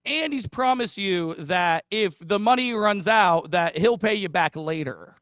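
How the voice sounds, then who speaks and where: A man's voice: high voice, expressive, measured pace, a bit bright, dry recording, studio quality. A man preaching a casual sermon, retelling a parable in a chatty, joking way with asides to the congregation. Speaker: pastor.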